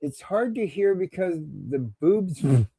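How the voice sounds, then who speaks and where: Hosting a casual live call-in show, a man speaks in an unhurried, high voice that's warm, husky, and lively in intonation. He rambles and jokes crudely as technical problems trip him up. The recording is dry.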